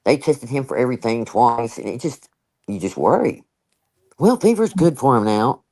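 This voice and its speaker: Older woman, casual host chat, very lively pitch, emphatic, chatty. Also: normal speed, rough recording. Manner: chatty and emphatic, laughs often, with many asides. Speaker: live-stream host.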